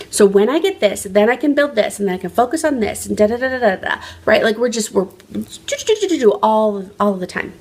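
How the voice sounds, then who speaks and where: A woman's voice: medium pitch, gravelly, breathy edge. A woman life coach giving an earnest, emphatic motivational talk on a phone livestream, often restarting her sentences. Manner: earnest, emphatic, frequent restarts, varying pace.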